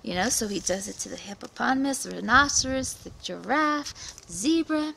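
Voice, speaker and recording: A woman reviewing a children's book, retelling the story in an animated, dramatic way with gasps and whispers. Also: a little high, normal speed, gravelly, a little hiss or hum, poor audio.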